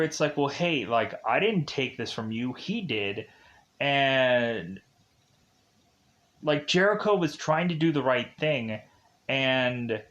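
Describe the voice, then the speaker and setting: A man casually recapping a film as a reviewer, rambling with lots of fillers and restarts and laughing at his own tangents. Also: medium pitch. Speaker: movie reviewer.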